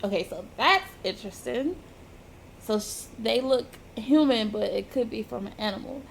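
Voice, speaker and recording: A woman's voice: fairly high pitch, animated, normal speed, gravelly, a little hiss or hum. A woman reviewing and reading a comic aloud in a chatty, casual way, laughing between remarks. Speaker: manga reviewer.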